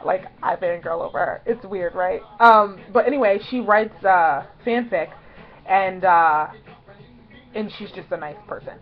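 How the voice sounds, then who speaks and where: A young woman vlogger telling a story in a casual, chatty way, excitedly acting out quotes in higher voices. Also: a little slow, highs cut off.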